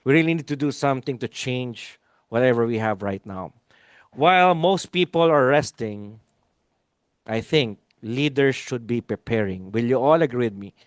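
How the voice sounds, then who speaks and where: A man's voice: mid-range voice, animated, moderate pace, smooth, dry recording, studio quality. A man hosting a live video-call webinar, speaking emphatically, repeating key lines and asking viewers to type their replies. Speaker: webinar host. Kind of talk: live webinar talk to an online audience.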